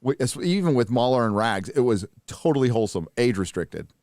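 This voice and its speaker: A man's voice: medium pitch, big pitch swings, a little fast, darkish tone, no echo, studio quality. A man co-hosting a live stream, joking around and reading out donations. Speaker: co-host. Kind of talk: casual live-stream chat. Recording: noisy mic with background chatter.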